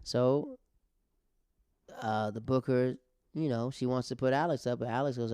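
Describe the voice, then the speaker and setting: A man's voice: mid-range voice, measured pace, darkish tone, clear, resonant tone, no echo. A male comedian and podcast host telling a casual, rambling story with many restarts and fillers.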